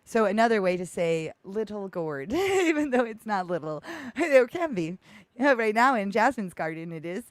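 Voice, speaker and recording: A woman's voice: mid-range voice, sing-song, normal speed, no room sound. A woman hosting a casual live show, chatting in a rambling way with frequent restarts and giggles. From United States. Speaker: host.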